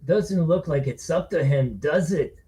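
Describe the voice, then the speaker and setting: A man's voice: a little high, unhurried, mellow, voice pushed up, natural voice. A man reading his thriller aloud, voicing a drunk male thug who goads and confronts. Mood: goading. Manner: goading, confrontational. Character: drunk male bar bully, aggressive sidekick. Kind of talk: audiobook reading.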